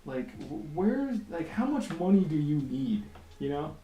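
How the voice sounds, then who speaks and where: A man's voice: fairly high pitch, sing-song, a little slow, warm tone. A man chatting casually while drawing on a livestream, rambling, swearing freely and laughing often. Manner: laid-back, rambling, profane, laughs often. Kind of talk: casual chat. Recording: roomy echo, faint music behind.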